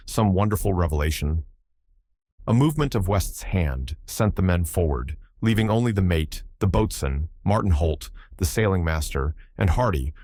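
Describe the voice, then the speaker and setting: A man narrating a classic adventure audiobook in a measured, formal storytelling manner. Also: low-pitched, darkish tone, no room sound. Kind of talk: scripted narration.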